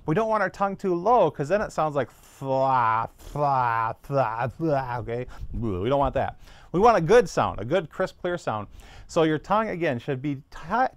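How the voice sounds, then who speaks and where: A man's voice: a little high, dry recording. A man teaching a beginner trumpet lesson, patiently walking through each step and sounding out practice syllables.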